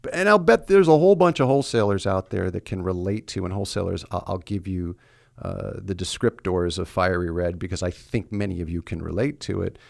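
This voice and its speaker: A man's voice: low-pitched, a little fast, creaky, dry recording, clean studio sound. A man hosting a podcast interview, asking long, winding questions. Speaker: podcast host.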